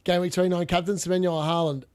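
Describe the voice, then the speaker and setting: Chatty Australian man, fairly high voice. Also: level tone, very fast, darkish tone. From Perth, Western Australia. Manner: chatty, rambling, laughs often, blunt slang. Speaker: fantasy football streamer. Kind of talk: casual live-stream chat, answering viewers.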